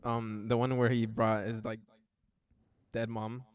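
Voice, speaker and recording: A man's voice: mid-range voice, level tone, unhurried, no echo. A young man hosting a casual podcast, telling a story in a rambling way full of fillers. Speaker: podcast host.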